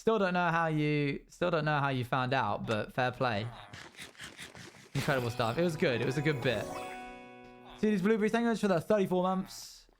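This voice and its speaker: A livestreaming man talks casually to his chat, rambling through stories and voicing what others said in a raised tone. His voice is a little high and animated, at a moderate pace, with soft music in the background.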